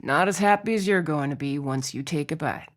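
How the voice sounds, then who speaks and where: A woman's voice: sits low, brisk, voice pushed down, lightly acted. A woman narrator voicing a teasing, confident male rancher with a flirtatious manner in an audiobook.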